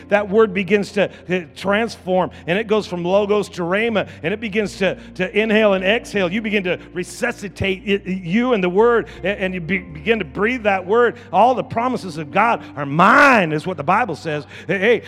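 A man preaching a sermon as pastor, repeating phrases and building to loud shouts. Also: high voice, big-room sound. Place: church.

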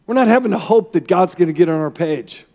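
A man's voice: high-pitched, lively intonation, fast, a little mellow, in a large hall. A man preaching a sermon as a pastor, telling stories in a rambling, folksy way with asides to the crowd.

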